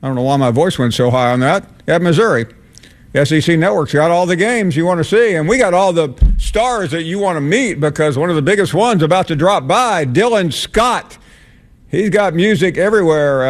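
Chatty man hosting a sports show. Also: a little high. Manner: chatty, halting, many restarts. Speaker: sports TV host. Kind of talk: casual on-air interview.

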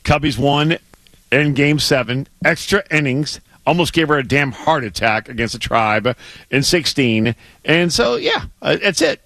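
A man's voice: fairly high pitch, lively intonation, a little slow, bright, forceful tone, no echo. Fired-up male sports radio host. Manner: emphatic, fired-up, repeats himself. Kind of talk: casual radio banter. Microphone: studio microphone.

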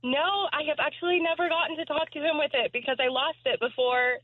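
High-voiced texas woman calling in, chatty and bubbly, tinny phone sound. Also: steady tone, brisk. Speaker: caller. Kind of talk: phone-in storytelling.

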